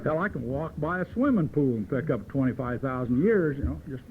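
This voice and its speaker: A man's voice: mid-range voice, animated, fairly quick, hardly any pauses. A man speaks at a recovery meeting in a folksy, wisecracking storytelling manner. His mid-range voice comes through a narrow, phone-like old tape recording. A faint hiss runs under it. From Southern California. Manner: folksy, joking, earthy storyteller. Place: meeting room at a podium.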